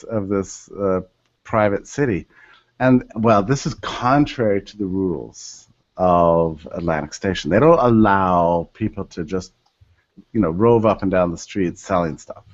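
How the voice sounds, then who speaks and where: A man's voice: lowish voice, dry recording, dull audio. A man telling a story as a podcast guest, acting out the voices of the people he quotes. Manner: animated, acts out quoted voices.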